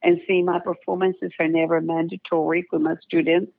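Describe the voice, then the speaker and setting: A woman's voice: lowish voice, flat delivery, moderate pace, gravelly, dry recording. An older woman, a folk dance director, talking proudly and at length as a guest on a radio show. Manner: warm, proud, rambling storyteller. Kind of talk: casual radio interview. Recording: tinny phone line, dry.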